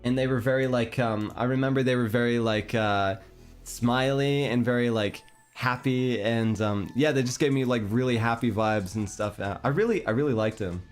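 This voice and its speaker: A man's voice: medium pitch, moderate pace. A young man with a Canadian accent, chatting casually on a stream in a meandering, hesitant, self-deprecating way. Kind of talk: casual chat. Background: faint background music.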